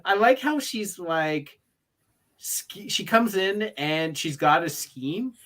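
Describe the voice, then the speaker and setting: A man co-hosting a casual chat, lively and laughing often as he acts out what others said. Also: a little high, slow. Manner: animated, acts out quotes in voices. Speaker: podcast co-host. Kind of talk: casual chat reviewing wrestling.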